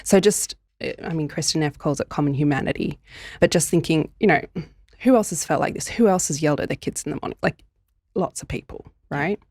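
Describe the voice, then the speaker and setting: A woman's voice: deep voice, brisk, darkish tone, dry recording, clean studio sound. A woman co-hosting a podcast who explains ideas step by step and laughs often. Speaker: podcast co-host, body image expert. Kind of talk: casual podcast chat.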